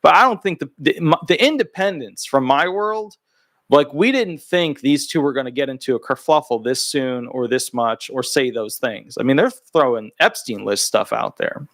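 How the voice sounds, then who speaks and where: A man's voice: medium pitch, expressive, moderate pace, fairly bright tone, dry recording, studio quality. A middle-aged man, a disability attorney, giving chatty, opinionated commentary in a casual video. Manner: chatty and opinionated, talks to his dog mid-video.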